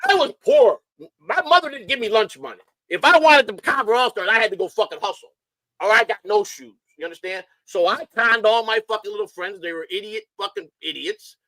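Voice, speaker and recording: Hyper middle-aged guy from chicago rattling off stories, bright and dry. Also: high voice, lively intonation, dry recording. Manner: hyper, rapid storytelling with swearing. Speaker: guest. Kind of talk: casual chat.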